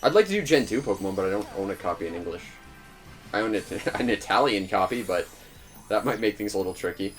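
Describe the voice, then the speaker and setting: Low-voiced young man chatting over gameplay. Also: expressive, quick pace, soft background music. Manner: laughs often, rambling with restarts. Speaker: let's play host. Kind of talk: casual gaming chat.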